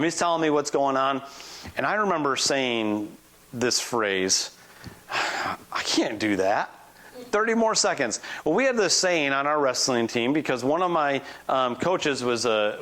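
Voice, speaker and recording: A man in his forties, a guest preacher telling a personal story in a conversational, animated sermon. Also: medium pitch. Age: 40s.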